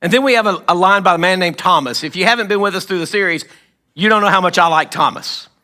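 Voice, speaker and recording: A man preaches in church with a high, bright voice that carries. He tells the story with acted-out lines. He often pauses to clear his throat. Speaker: pastor. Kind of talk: sermon.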